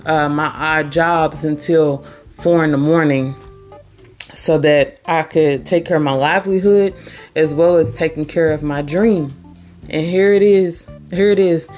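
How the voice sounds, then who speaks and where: A woman's voice: low voice, a little mellow. A woman hosting her own podcast, talking earnestly and emphatically, repeating her key points. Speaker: podcast host. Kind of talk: casual motivational monologue.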